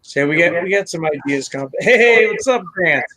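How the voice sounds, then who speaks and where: A man's voice: high-pitched, animated, moderate pace, bright, forceful tone, dry recording, poor audio. A man hosting a live stream, chatting casually, laughing and greeting viewers by name. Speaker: channel host.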